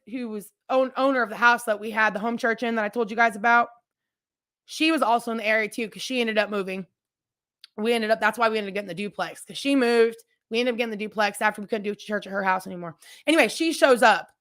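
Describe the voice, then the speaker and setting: A woman's voice: a little high, fairly bright tone. A woman hosting her own podcast, telling a personal story in a candid, chatty way, talking straight to her listeners and often restarting sentences or going off on asides. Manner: rambling with frequent restarts and asides. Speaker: podcast host. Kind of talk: personal storytelling, casual chat.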